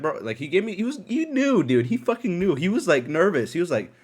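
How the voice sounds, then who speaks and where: Young male podcaster, casual storyteller, very lively pitch, crude and jokey delivery. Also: fast talker, few pauses, slightly rough. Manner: animated, profane, laughing asides, swings from loud to mumbly. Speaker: podcast host.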